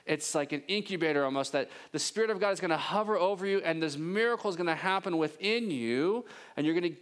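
A man preaching a sermon, animated and acting out the voices of the people he talks about. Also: high voice. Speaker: pastor.

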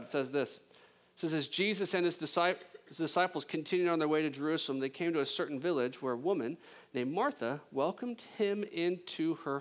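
Emphatic male pastor preaching. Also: a little high. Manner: emphatic, swings from loud intensity to hushed; conversational with jokes and laughter. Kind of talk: sermon.

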